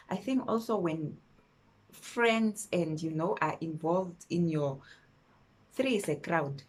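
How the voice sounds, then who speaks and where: A woman's voice: lowish voice, darkish tone, breathy edge. A woman telling a personal story to camera in a casual storytime monologue, emphatic and indignant, repeating phrases for stress and mixing in words from another language. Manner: mixes local-language words into her talk.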